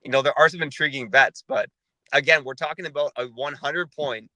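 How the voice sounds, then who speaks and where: A man hosting a sports podcast, talking in a measured, analytical way. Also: on the high side, fairly even intonation, bright, forceful tone, no echo, low-quality recording. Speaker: podcast host.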